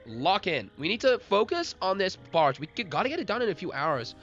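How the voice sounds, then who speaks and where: A man voicing a bossy, hurried female swamp otter who urges her coworker to focus, in a lo-fi recording with faint music. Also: high voice, big pitch swings, a bit bright, voice pushed up. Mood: urgent. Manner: urgent, bossy.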